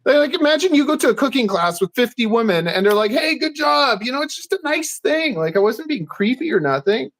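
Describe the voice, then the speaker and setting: Guy on a podcast, kinda high voice, rambly, laughs a lot and does little bits of dialogue. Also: sing-song, fast talker, few pauses. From Canada. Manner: rambling, laughs often, acts out quotes. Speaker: podcast guest. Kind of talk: casual chat.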